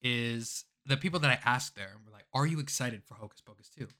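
A man co-hosting a casual podcast, animated and dramatic, prone to rants and outbursts. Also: mid-range voice, fairly quick. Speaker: podcast co-host.

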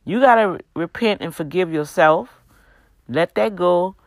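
This is a livestream host with a lowish voice and no room sound. She gives an earnest, preacherly faith talk in a casual setting, exhorting with drawn-out emphasis, though she's a little tired and yawns.

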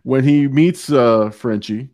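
A man's voice: mid-range voice, takes it slowly, a little mellow. A man hosting a podcast, chatting casually about a movie, laughing often and reading quotes aloud. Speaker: podcast host. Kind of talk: casual movie review chat.

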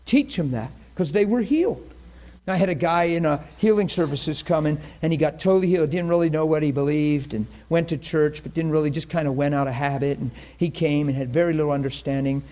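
A man teaching a class on faith healing in a lively, conversational way, often acting out what people say and pray. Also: a little high, brisk. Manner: animated, acts out quoted prayers and voices. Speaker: ministry teacher.

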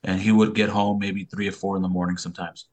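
A man's voice: deep voice, level tone, fast, a little mellow. A young man, a podcast guest telling a personal story in casual talk, swearing freely and acting out what others said.

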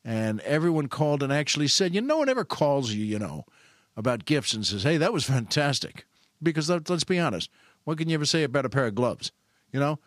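A man spins a personal anecdote in a loose, rambling way, often stopping short and restarting his sentences. His voice sits a little high for a man. The recording is close and dry. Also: sing-song, no room sound. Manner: repetitive, halting, self-correcting. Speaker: storyteller.

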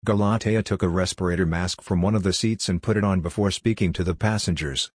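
A man narrating a science fiction story in a steady, plain reading voice. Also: low-pitched, brisk, hardly any pauses, husky, dry recording, studio quality. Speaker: audiobook narrator. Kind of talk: scripted narration.

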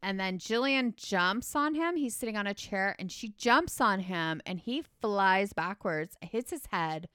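A woman's voice: medium pitch, expressive, measured pace, hardly any pauses, fairly bright tone, smooth, dry recording, studio quality. A woman recapping a movie in casual chat, rambling and full of filler words.

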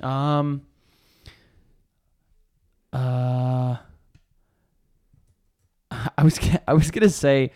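A man's voice: medium pitch, fairly even intonation, extremely slow, pauses often, darkish tone. A young man co-hosting a podcast in casual chat, laid-back and rambling, swearing often. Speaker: podcast co-host.

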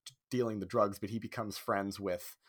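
Halting man in casual podcast chat. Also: on the low side, steady tone. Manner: halting, many restarts and stammers. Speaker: podcast co-host.

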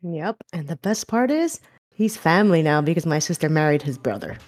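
Teasing, candid woman with a lively voice. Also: low-pitched, a little fast. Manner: candid, teasing, laughs often. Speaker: podcast co-host. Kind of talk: casual chat.

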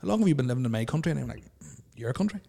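A man's voice: medium pitch, animated, racing, gravelly, crowd noise. An Irish man in his thirties hosting a podcast in casual chat, with a stutter, repeating words and laughing often. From Ireland. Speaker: podcast host.

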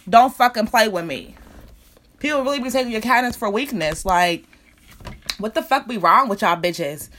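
A woman's voice: on the high side, fairly bright tone. A young woman telling an angry, profane storytime rant about a bad salon visit. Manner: profane, heated, repetitive rant.

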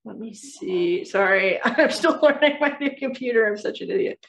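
A woman's voice: a little high, lively intonation, normal speed, echoey room, recorded from a distance. A woman co-hosting a casual chat, playful and self-deprecating, often laughing as she talks. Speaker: podcast co-host.

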